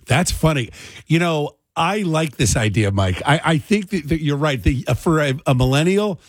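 A man's voice: on the high side, lively intonation, moderate pace, dry recording. A man hosting a call-in radio talk show, chatting casually and rambling with fillers.

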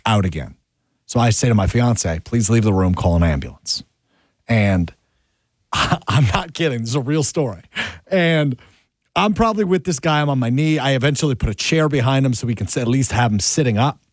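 An animated man recounts a story among friends, his pitch leaping up whenever he acts out what he said. The sound is dry and close, with no room around it. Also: brisk, no echo. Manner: animated, rises sharply when acting out his own lines. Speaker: show regular telling a story. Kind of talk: casual storytelling chat.

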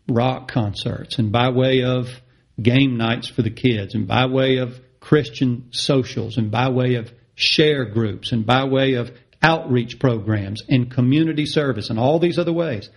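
A middle-aged male preacher delivers a sermon at an unhurried pace, leaning hard on repeated phrases. His voice is gravelly and a little husky, and it jumps upward in pitch whenever he drives a point home. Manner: impassioned, repeats phrases for emphasis, rises sharply in pitch on key words.

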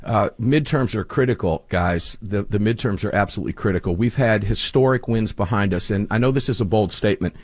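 Brief: low-pitched man, emphatic radio storyteller, dry close sound. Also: fairly quick, hardly any pauses, no echo. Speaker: radio host. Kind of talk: political talk radio interview.

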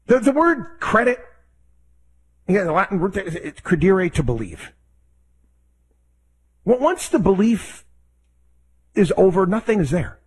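A man hosting a talk radio show, giving an emphatic, lecturing opinion monologue with a husky voice. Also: high voice, sing-song, measured pace, pauses often.

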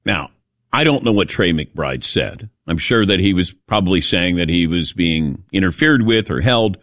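Low-pitched and talking at a normal speed, a man hosts sports talk radio, taking calls and sharing lively, strongly opinionated views. The audio is clean studio sound with no echo.

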